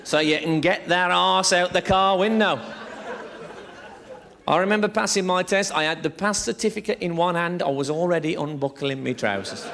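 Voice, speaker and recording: A man's voice: sits high, moderate pace, vocal fry. A man, doing a rambling, swearing stand-up set in a theatre. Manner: lively, rambling, swearing storyteller. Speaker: stand-up comedian. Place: theatre stage before a laughing audience. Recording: live theatre recording, crowd laughter.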